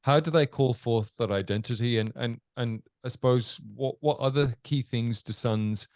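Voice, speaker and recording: A man's voice: mid-range voice, normal speed, darkish tone, no room sound, clean studio sound. A man hosting an interview, thoughtfully framing questions to his guest. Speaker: podcast co-host.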